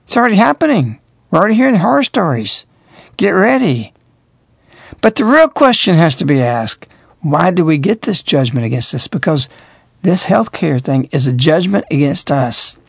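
A man's voice: on the high side, very animated, normal speed, gravelly, breathy edge, no echo, clean studio sound. Preachy man on talk radio. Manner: emphatic, moralizing, rhetorical questions. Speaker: radio show host.

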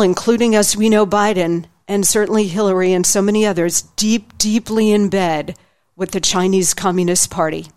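A woman's voice: medium pitch, darkish tone. A middle-aged woman hosting a political talk show, reading from her book with a sarcastic, mocking, emphatic delivery.

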